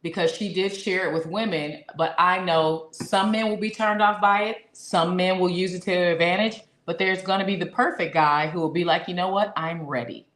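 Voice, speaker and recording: A woman with a notably low voice co-hosts a podcast and talks casually. She gives caring, encouraging advice. The room around her is echoey. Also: fairly even intonation, normal speed, few pauses. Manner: warm, encouraging advice with affectionate address. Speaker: podcast co-host giving relationship advice. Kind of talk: casual chat.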